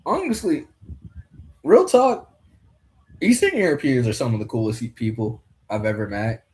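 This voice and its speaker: A man's voice: medium pitch, expressive, moderate pace, darkish tone. A young man talks over a fight card in a loose, rambling way, drifting between stories and remarks on the fighters. He swears offhandedly and keeps it casual throughout. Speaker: podcast host commentating a fight card.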